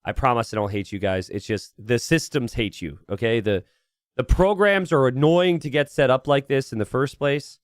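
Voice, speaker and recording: A man's voice: mid-range voice, normal speed, no room sound, studio quality. A man casting a strategy game live, chatting casually and rambling as he reads and answers his chat. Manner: chatty and rambling, thinks aloud and talks to chat. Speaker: game caster and streamer. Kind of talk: casual live-stream commentary.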